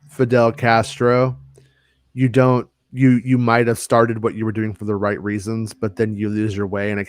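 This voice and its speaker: A man's voice: lowish voice, no echo. Rambling man on a dry, close mic. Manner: rambling storyteller, many restarts and fillers. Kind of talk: casual chat.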